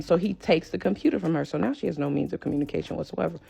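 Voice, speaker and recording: A woman telling a personal family story to her viewers in a casual, animated way, often speaking to them directly as y'all. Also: sits low, very fast, gravelly, few pauses, breathy edge, faint music behind.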